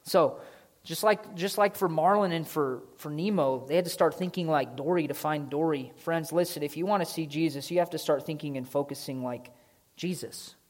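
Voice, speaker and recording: Male pastor with a slightly high voice, preaching a casual, chatty sermon. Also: normal speed. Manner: casual, conversational preaching with lively voiced asides.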